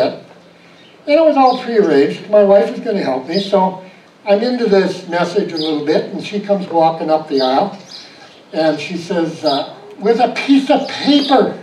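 A man preaching a storytelling sermon, moving from animated anecdote to soft reflection. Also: high voice, slight background noise. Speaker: pastor. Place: church sanctuary. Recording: echoey church room, voice from far off.

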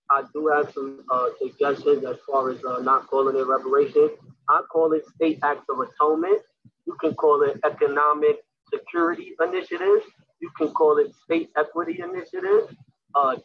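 A hoarse man from New York City giving an impassioned public comment at a town meeting, repeating words for emphasis. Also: a little high, muffled recording. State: hoarse, lost his voice.

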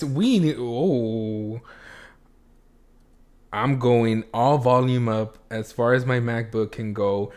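A man making a reaction video at home, talking straight to his viewers and breaking into loud exclamations and cheers. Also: medium pitch, slow. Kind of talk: excited reaction commentary. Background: faint music playing.

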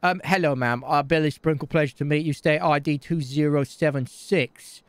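A man's voice: a little high, normal speed, clear, resonant tone, no room sound. A man talking brashly and crudely in rambling bursts as his character in improvised game role-play.

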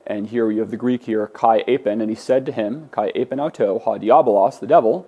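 A man's voice: fairly low pitch, fairly quick, warm tone, breathy edge, dull audio. A man teaching a Greek class, lecturing in a conversational way with many fillers and restarts. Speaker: Greek instructor.

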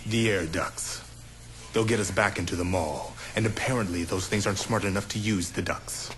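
An actor voicing a serious male agent in a video game cutscene, explaining a plan in a calm, matter-of-fact way. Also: low voice, normal speed, a little hiss or hum. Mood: briefing. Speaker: game character.

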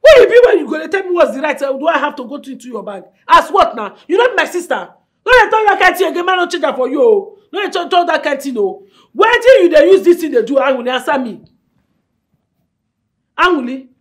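A high-pitched young Nigerian sister, loud, accusing, emotional. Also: female voice, lively intonation, fast. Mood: scolding. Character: fiery younger sister, confronting and tearful. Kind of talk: film drama acting.

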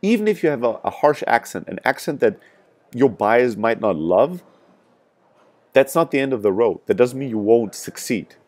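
A man's voice: mid-range voice, sing-song, normal speed, a little mellow. A man with a strong European accent, a sales startup founder, giving emphatic, frank advice straight to camera with frequent "right?" asides. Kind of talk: motivational talk to camera.

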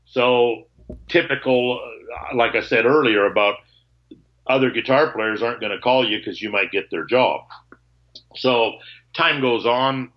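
A man's voice: mid-range voice, unhurried, pauses often. Man telling a story over a muffled call. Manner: animated, acts out both sides of old conversations, swears. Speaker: guitarist guest.

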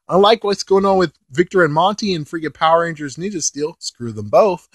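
An anime reviewer offers casual commentary on an episode, animated, swearing offhandedly, and laughing as he speaks. His voice is on the high side, and the recording is dry.

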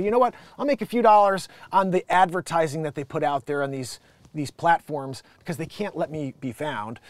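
Rambling, animated livestream host man. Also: high-pitched, no echo. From Connecticut, USA. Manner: animated, rambling, frequent restarts. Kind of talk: casual live-stream monologue.

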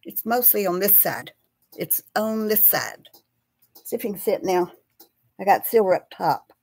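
A middle-aged woman with a Texas accent hosts a relaxed live chat. She rambles in a homey, friendly way and keeps turning to her viewers with y'all. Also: mid-range voice, normal speed, slightly rough. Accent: Texan.

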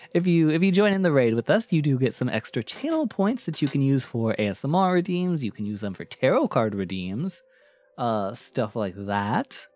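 A man chatting casually on a live stream, playful and quick to laugh, shifting his voice from bright to low. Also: big pitch swings, no room sound, faint music behind.

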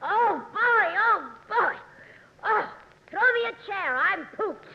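A bawdy society dowager who drawls and chases men, her voice high and swooping. She takes her time with every line. The old radio transfer is dull and full of hiss. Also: lively intonation, slow pace, gravelly, exaggerated voice. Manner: bawdy, drawling, laughing at own jokes. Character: brassy, man-chasing society dowager. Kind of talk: 1940s radio comedy acting.

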